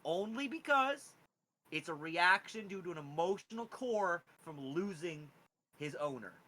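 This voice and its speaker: Animated male game master. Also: unhurried, low-quality recording. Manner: animated, pitch jumping on key words. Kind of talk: narrating a tabletop game.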